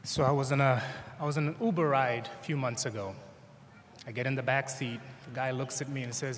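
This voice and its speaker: A man's voice: mid-range voice, a little fast. A man with a Zambian accent giving a motivational commencement speech, telling stories with humor and acting out dialogue. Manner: storytelling, acts out dialogue with humor. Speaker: commencement speaker. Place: large convention hall. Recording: echoey hall, long reverb, faint noise.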